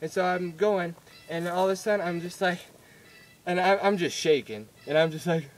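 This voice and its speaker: Young man, casual vlog story, rambling, giggly, fairly high voice. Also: normal speed. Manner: rambling, giggly, with many fillers and restarts. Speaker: vlogger.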